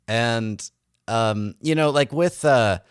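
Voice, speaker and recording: A man's voice: medium pitch, takes it slowly, clean tone, no echo, clean studio sound. A man hosting a casual interview, asking earnest, hesitant questions. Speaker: podcast host.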